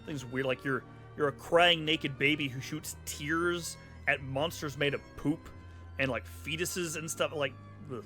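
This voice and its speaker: Man, streamer, bright tense tone, jokey sarcastic chatter, soft game music behind. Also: on the high side, unhurried. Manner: sarcastic, rambling banter over cutscenes. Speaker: streamer playing a video game. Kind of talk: casual let's-play commentary.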